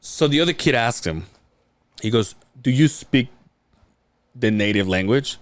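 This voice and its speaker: A man's voice: mid-range voice, measured pace, dry recording. A man co-hosting a podcast, telling a story in casual chat, laughing often and swearing freely. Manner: laughing storyteller, animated and profane. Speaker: podcast co-host.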